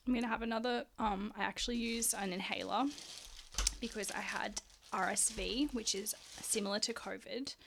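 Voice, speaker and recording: A woman's voice: medium pitch, steady tone, normal speed, creaky, noisy background. A woman hosting a casual solo podcast, chatty and frank, swearing freely and out of breath. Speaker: podcast host.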